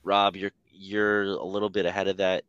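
A man's voice: low voice, flat delivery, moderate pace, fairly bright tone, smooth, no echo. A man co-hosting a podcast who talks steadily through figures with frequent fillers, on slightly dull lo-fi audio. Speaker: podcast co-host. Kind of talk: casual podcast chat.

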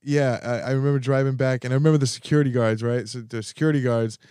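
A man's voice: medium pitch, fast talker, smooth, no room sound, clean studio sound. A young man casually telling a rambling, profane story to his co-hosts. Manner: rambling, profane, animated when telling stories. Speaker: podcast co-host.

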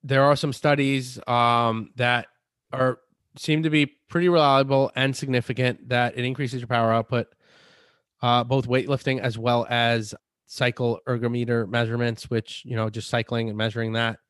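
This fitness podcast co-host has a medium-pitched, fairly bright, clear and resonant voice, delivered flatly at a moderate pace. In casual chat he explains supplement advice, frequently restarting and repeating himself. The recording is close and dry.

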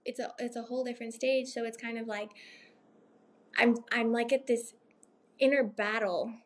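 A woman's voice: fairly high pitch, little pitch movement, normal speed. A woman in her thirties chatting casually about motherhood, rambling with lots of fillers and tag questions. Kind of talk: casual chat.

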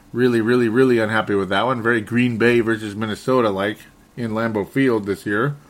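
A man hosting a solo sports podcast speaks at a normal speed in a voice on the low side, with fairly even intonation. He sounds frustrated and rambles, frequently stumbling, restarting and correcting himself.

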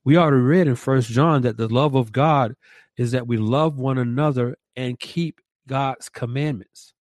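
A man's voice: medium pitch, moderate pace, a little mellow, no room sound. A man co-hosting a Christian commentary podcast, emphatic and stressing points by repeating words. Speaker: podcast co-host.

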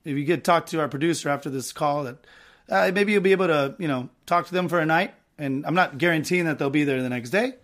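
Rambling, joking podcast host. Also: male voice, on the high side, quick pace, a bit bright. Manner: rambling, joking, full of fillers. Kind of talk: casual chat.

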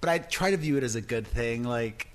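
Chatty man guesting on a podcast. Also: medium pitch. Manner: animated, quick bursts of laughter, stammers on restarts. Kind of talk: casual chat.

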